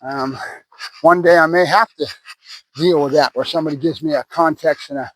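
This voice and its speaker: A man's voice: fairly high pitch, fairly even intonation, moderate pace, no echo, rough recording. A man who trains dogs, talking casually to the camera outdoors between words of praise to a puppy. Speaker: dog trainer.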